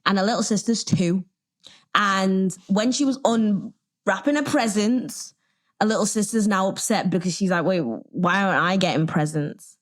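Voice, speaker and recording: A woman's voice: medium pitch, moderate pace. A woman co-hosting a podcast, telling stories in a blunt, wry casual chat. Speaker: podcast co-host.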